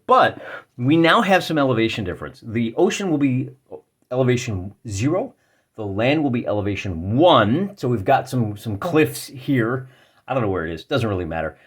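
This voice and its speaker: A man hosting a tabletop wargaming video, chatting casually and jokingly as he explains the rules and rolls dice at the table. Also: on the low side. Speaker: wargaming channel host. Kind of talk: casual tabletop game walkthrough.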